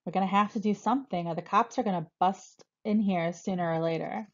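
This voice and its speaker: A woman's voice: mid-range voice, a little fast, lo-fi sound, close to an everyday voice. A woman reading aloud, voicing a frightened, angry teenage boy holding a gun, snapping and close to panic. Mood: tense. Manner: tense, snapping, edging into panic.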